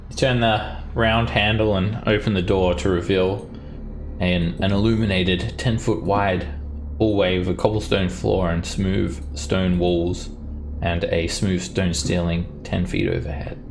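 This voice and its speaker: A man running a tabletop game as dungeon master, describing rooms and traps in a steady narrating voice. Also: deep voice, measured pace, gravelly. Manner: descriptive, steady scene-setting. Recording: background noise.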